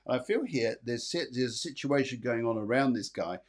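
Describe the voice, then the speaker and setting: A man's voice: medium pitch, expressive, fairly quick, hardly any pauses. Chatty male psychic doing live readings. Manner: chatty, reassuring, many fillers and repeats; reads viewer comments aloud. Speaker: psychic medium.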